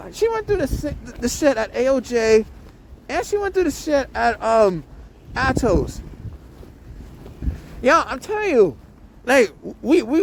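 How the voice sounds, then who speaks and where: Male podcast host, high animated voice, angry stammering rant, windy outdoor recording. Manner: heated, repetitive, swearing, stammering restarts.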